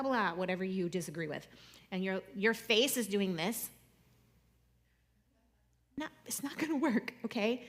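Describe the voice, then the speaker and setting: A young adult woman speaking to an audience in a conversational, jokey way, swinging between loud and soft. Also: medium pitch. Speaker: speaker giving a talk.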